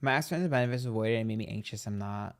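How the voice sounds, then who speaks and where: A man's voice: fairly low pitch, fast. Chatty gossipy man on a livestream. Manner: chatty and gossipy, acts out quotes, reads donations aloud. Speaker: psychic tarot livestream host. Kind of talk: casual livestream storytelling.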